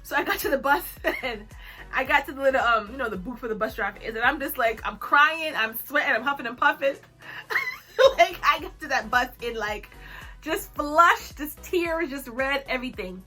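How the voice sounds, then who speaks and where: Bright, high-voiced young woman storyteller. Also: moderate pace, faint music behind. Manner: animated, dramatic storytelling with frequent laughs. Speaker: vlogger. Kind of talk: storytime chat.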